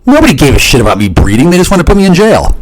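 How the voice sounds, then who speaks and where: A man in a rambling, profane monologue, often restarting and jumping suddenly up in pitch. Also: huge pitch swings, rapid-fire, a little hiss or hum, rough recording.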